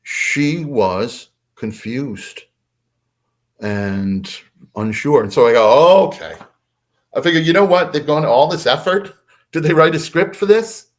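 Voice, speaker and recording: An older man, a podcast guest, telling a personal story in a casual, animated way. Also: on the high side, slow pace. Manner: animated, acts out voices in his anecdotes.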